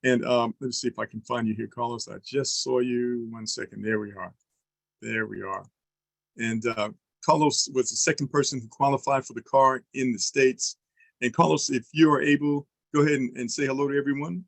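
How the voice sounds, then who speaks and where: A man's voice: mid-range voice, fairly even intonation, brisk, vocal fry, dry recording. A man hosting an online business call, upbeat, affirming speakers and bringing on guests. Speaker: host of a business presentation call.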